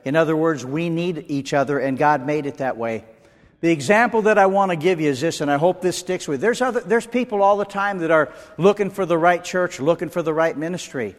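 A man preaches with emphatic, rhythmic call-and-response, his voice sitting a little high for a man. The sound carries the long reverb of a church hall around him. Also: brisk. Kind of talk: sermon with closing prayer.

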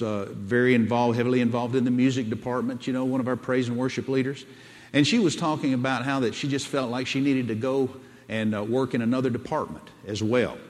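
A male pastor preaching a sermon, repeating words and calling on the congregation to respond. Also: mid-range voice. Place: church sanctuary. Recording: echoey church hall with long reverb.

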